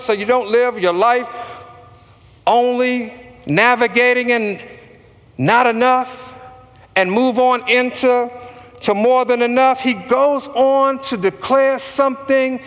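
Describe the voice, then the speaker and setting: A male pastor preaching a sermon, slow and emphatic, calling on the congregation to repeat after him. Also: extremely high pitch, fairly bright tone, big-room sound.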